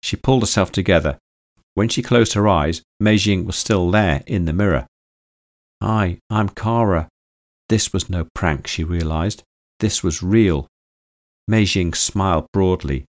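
A man narrating a story audiobook in a steady, even reading style. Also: low-pitched, moderate pace, dry recording, clean studio sound.

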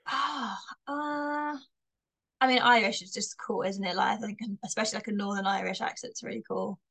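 A woman's voice: medium pitch, steady tone, moderate pace, gravelly, a bit bright. A young woman from Bristol with a light Bristolian accent, a comedian chatting casually in an interview and laughing often. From Bristol, England. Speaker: comedian guest.

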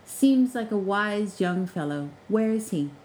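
A woman's voice: medium pitch, a little slow, slight background noise, lightly acted, poor audio. A woman voicing a male house spirit working as a college porter, formal and dryly polite. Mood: kindly. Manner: formal, deadpan, sly.

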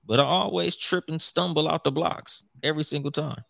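A man's voice: fairly high pitch, steady tone, a little fast, vocal fry, a bit bright, no room sound. A man who hosts his own show, chatting casually in a profane, rambling way with many restarts. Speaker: podcast host. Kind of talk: casual chat.

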